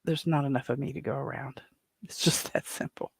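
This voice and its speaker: Tired, gravelly woman. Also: very deep voice, fairly even intonation, fairly quick, dry recording, studio quality. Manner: rambling, chatty, lots of restarts and fillers. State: tired, yawning. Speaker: podcast host. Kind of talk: casual solo podcast. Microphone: home microphone.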